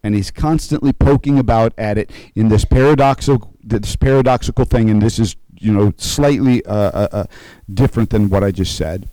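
A man preaching a conversational sermon, slowing and rising to stress key points and checking in with his listeners. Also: fairly low pitch, dark tone, no room sound, poor audio. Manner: conversational preaching, frequent "okay?" check-ins. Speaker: pastor.

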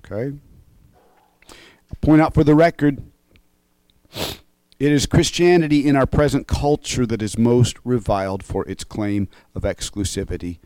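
Mellow-voiced man preaching with steady emphasis. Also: mid-range voice, unhurried, pauses often, clear, resonant tone, dry recording. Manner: emphatic, reasoning step by step, often checks in with "okay?". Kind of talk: sermon-style teaching.

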